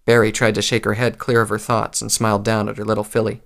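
A man reading a story aloud in a calm, measured narration. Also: lowish voice, gravelly.

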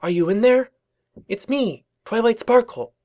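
A man voicing an earnest, excitable young female unicorn pony in a storybook reading, with a high, squeaky, breathy voice and gushing outbursts. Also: unhurried. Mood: urgent whisper.

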